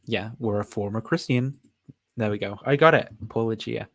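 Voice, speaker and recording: A man's voice: on the low side, moderate pace, fairly bright tone, dry recording. A man hosting a casual livestream, rambling and thinking aloud with frequent fillers and self-amused laughs. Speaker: host.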